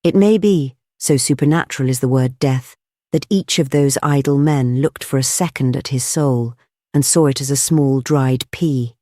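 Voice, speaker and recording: An audiobook narrator reading a classic detective story in a measured, even way. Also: medium pitch, no echo, studio quality. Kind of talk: scripted narration of a classic novel.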